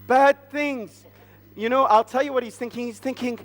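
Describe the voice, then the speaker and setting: A man retelling a Bible story at a church family service, asking the children animated, coaxing questions. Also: extremely high pitch, normal speed, in a large hall. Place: church hall.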